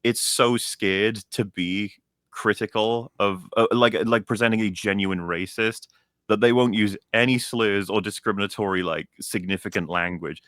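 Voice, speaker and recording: Young male critic, low voice with a bright, forceful edge, dry close sound, swearing through an animated rant. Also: normal speed, no room sound. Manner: animated, profane, mocks characters in put-on voices. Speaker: stream guest. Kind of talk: ranting game critique on a stream.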